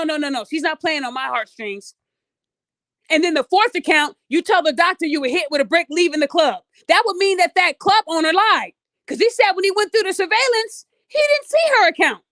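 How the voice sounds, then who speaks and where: A woman's voice: extremely high pitch, a bit bright, no echo, clean studio sound. A woman podcast host giving blunt, profane commentary straight to her audience. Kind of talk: ranting commentary.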